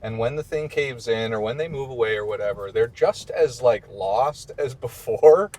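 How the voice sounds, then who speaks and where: A man with a Midwestern American accent, a priest hosting a casual chat during a car ride and telling stories with lively quotes. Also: medium pitch, moderate pace. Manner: chatty, storytelling with mimicked quotes. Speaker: priest and podcast host.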